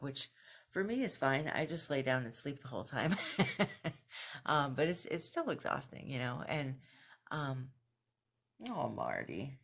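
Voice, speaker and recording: Young female vlogger, casual home diary, chatty and animated. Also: a bass voice. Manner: chatty, animated when quoting herself, laughs between phrases. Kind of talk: casual video journal storytelling. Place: at home with her cat nearby.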